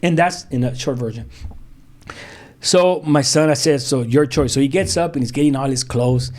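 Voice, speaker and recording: A man's voice: medium pitch, moderate pace, darkish tone. A middle-aged man from South Central Los Angeles, a pastor giving a personal testimony in a podcast interview, telling his story with plenty of "you know" and acted-out dialogue.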